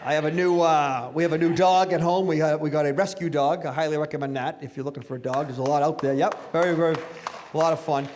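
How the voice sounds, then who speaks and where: A middle-aged man doing a stand-up comedy routine on a club stage, with a brash, punchy delivery and sudden loud bursts. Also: a little high, fairly even intonation, fast, slight background noise.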